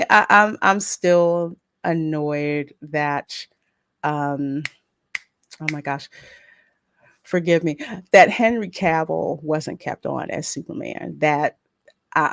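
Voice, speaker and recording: A woman hosting a casual pop culture podcast, opinionated and animated, often laughing. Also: sits low, dry recording, clean studio sound. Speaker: podcast host.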